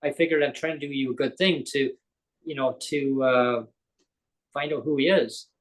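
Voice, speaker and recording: A man's voice: medium pitch, steady tone, moderate pace, low-quality recording. A man, a guest on a live interview show, tells a personal story in a rambling way, often correcting himself and acting out quoted dialogue.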